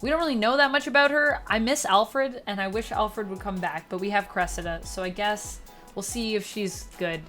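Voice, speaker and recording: A woman's voice: moderate pace, faint music behind. Chatty, sarcastic woman reviewing a show. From Canada. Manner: chatty and sarcastic, with jumpy pitch and loudness. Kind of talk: casual spoken review.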